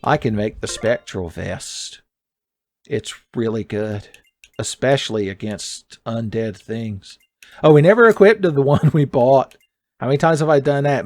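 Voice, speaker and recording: A man giving joking, casual commentary while playing a video game, jumping up in pitch when excited. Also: unhurried. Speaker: let's play host.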